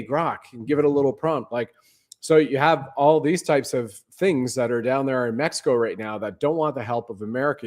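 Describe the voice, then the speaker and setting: A man's voice: mid-range voice, darkish tone. A man hosting a show, delivering a rambling, conspiratorial livestream monologue. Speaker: show host.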